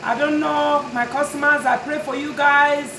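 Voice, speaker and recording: A woman's voice: sits high, steady tone, normal speed, a bit bright, echoey room, a little hiss or hum, rough recording. A woman who runs a notary business, speaking straight to her customers in an earnest, pleading but firm way. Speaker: notary and tag and title business owner. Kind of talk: direct-to-camera talk to customers.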